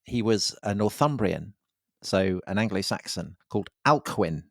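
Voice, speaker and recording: A man with a fairly low voice tells a history story with relish, keen to share the details. His voice is close and dry, with no room sound around it. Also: animated, measured pace, vocal fry, dry recording. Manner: enthusiastic storytelling explainer. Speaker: podcast co-host. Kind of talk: conversational history podcast.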